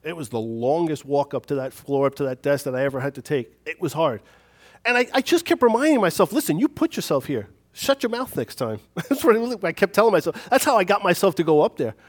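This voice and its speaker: Speaking briskly in a somewhat high voice, a bit above typical for a man, this preacher gives a laid-back, conversational sermon. He shares a story from his own life. He is self-deprecating and chuckles at himself along the way.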